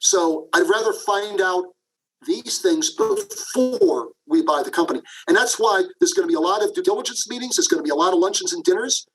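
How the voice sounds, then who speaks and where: A man's voice: high voice, fairly quick, poor audio. A middle-aged man, a leadership professor, telling stories as a guest on a podcast interview, acting out the quotes and tossing in "okay?" asides. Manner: animated, acts out quotes, frequent "okay?" asides.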